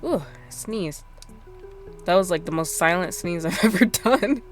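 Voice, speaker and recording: Low-voiced woman rambling while gaming. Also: expressive, unhurried, faint music behind. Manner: rambling, filler-heavy, self-deprecating. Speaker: game streamer. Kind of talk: casual gameplay chat.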